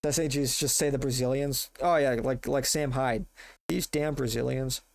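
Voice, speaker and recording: A man's voice: mid-range voice, steady tone, normal speed, gravelly. A congested man talking casually on a live stream, loose and profane, rambling and restarting his sentences. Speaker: streamer reacting to videos.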